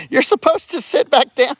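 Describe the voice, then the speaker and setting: A man casually livestreaming from a residential street, cheering a child on and rambling with halting restarts into his phone. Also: very high voice, fairly bright tone, slightly rough, dry recording. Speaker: vlogger livestreaming. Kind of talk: casual live-stream chat.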